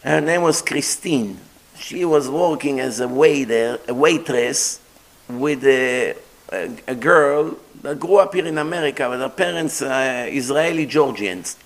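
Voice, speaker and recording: A middle-aged man giving a storytelling sermon as a rabbi, animated, acting out dialogue and mixing in Hebrew terms. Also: mid-range voice, a little slow. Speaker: rabbi lecturer.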